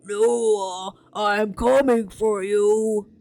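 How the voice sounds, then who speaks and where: A woman voicing a girl in a monster mask who speaks in a gruff, raspy, menacing voice in a storybook reading. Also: medium pitch, steady tone. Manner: gruff, raspy, slow and loud.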